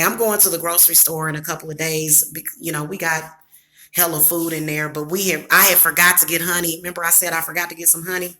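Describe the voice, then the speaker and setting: A woman's voice: fairly low pitch, sharp tone. A woman from the American Midwest with a Southern accent, chatting casually on a livestream, rambling and talking to her viewers. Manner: rambling, talks to chat viewers. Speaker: livestream host. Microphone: device camera.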